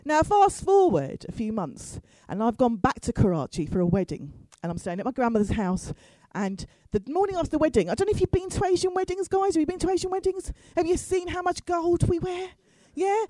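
A woman's voice: very high voice, sing-song, a little fast, hardly any pauses, dark tone, no room sound, low-quality recording. A middle-aged woman telling a comic story to an audience, chatty and self-mocking with asides to the crowd. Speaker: storyteller on stage.

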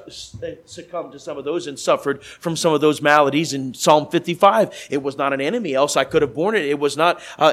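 A man preaching as a traveling evangelist, emphatic and given to repeating key phrases, moving between loud pleading questions and quiet conversational asides. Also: fairly high pitch, breathy edge, low-quality recording. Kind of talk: sermon.

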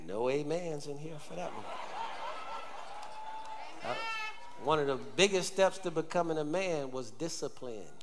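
A man's voice: on the high side, lively intonation, a little slow, long pauses, big-room sound, background noise. A male pastor preaching a sermon, calling on the congregation to answer back and say amen. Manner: call-and-response preaching, urging the congregation. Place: church sanctuary.

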